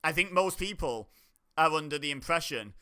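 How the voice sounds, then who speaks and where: Bright, clear-voiced chatty British man. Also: on the high side, expressive, moderate pace. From United Kingdom. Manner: chatty, laughs often, rambling restarts. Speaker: host. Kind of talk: casual chat over a video call.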